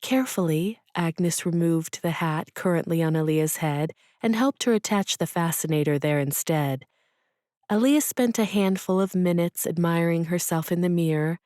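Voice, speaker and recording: A woman reading a romance audiobook as narrator, telling it in a measured, gentle way. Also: on the low side, dry recording, clean studio sound. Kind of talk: scripted narration.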